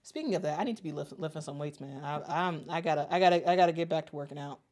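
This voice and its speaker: A young woman with a Chicago accent hosting a casual sports livestream, talking in a halting way with lots of fillers and restarts. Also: low voice, steady tone, darkish tone. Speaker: sports show host. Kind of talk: casual livestream chat reading super chats.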